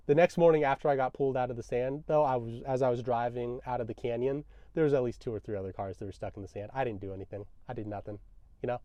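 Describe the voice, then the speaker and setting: Relaxed, wry young man telling a story. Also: mid-range voice, dry recording. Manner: relaxed, self-deprecating, wry. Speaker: vlogger. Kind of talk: casual storytelling.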